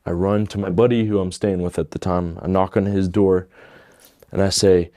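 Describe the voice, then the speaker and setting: A man's voice: low voice, little pitch movement, moderate pace, mellow, no echo, studio quality. A young man giving a casual personal testimony, full of "like" and "dude". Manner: casual, heavy use of "like" and "dude".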